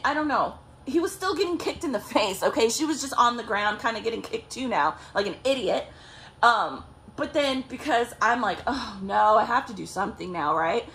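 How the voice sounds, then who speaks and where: A woman vlogger tells a story in loose, profane chat, her voice sitting a little high. She laughs often and keeps checking in with "okay?" and "like". A faint hiss runs under her. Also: a bit bright. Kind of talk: casual storytelling.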